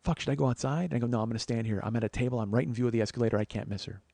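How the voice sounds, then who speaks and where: A man's voice: medium pitch, rapid-fire, gravelly, darkish tone, dry recording. A man in his forties hosting a podcast, telling a long comedic personal story. He acts out both sides of the conversations and swears casually, with frequent restarts. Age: 40s. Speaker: podcast host.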